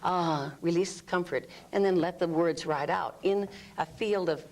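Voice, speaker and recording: A woman's voice: fairly low pitch, unhurried, darkish tone, a little hiss or hum. A woman explaining an energy healing technique in an interview, demonstrating groans, sighs and vocal sounds as she talks. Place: room under studio lights.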